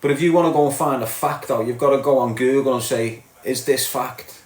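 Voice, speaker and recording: A man's voice: medium pitch, a little fast, a little mellow. A middle-aged man with a Liverpool accent, ranting bluntly and mockingly at viewers on a live stream, tagging his lines with "lad" and "mate". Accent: Liverpool (Scouse). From Liverpool, England. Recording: roomy echo.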